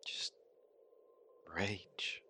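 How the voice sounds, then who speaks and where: An actor playing a haunted young man who survived a massacre, retelling it in a halting, stammering way in an audio drama monologue. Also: sharp tone, a little hiss or hum, full character voice. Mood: grim. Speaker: survivor recounting his story.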